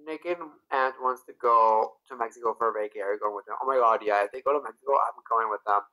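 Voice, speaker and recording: Talking fast in a medium-pitched voice that sounds pushed and bright, this young Canadian livestream host comes through a rough recording. Bubbly and effusive, he reads out viewers' comments, chats back with them, and breaks into squeals.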